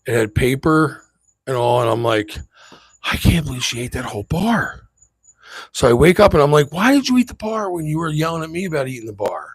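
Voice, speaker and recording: Husky, lively-voiced joking man. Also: a little high, fairly quick, dry recording. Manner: joking storyteller, lively delivery. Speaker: cruise vlogger. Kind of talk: casual chat.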